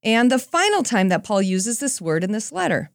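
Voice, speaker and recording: A woman giving a Christian talk, telling a personal story in a lively, conversational way with self-deprecating asides. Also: fairly high pitch, moderate pace, no room sound, studio quality. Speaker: Christian speaker.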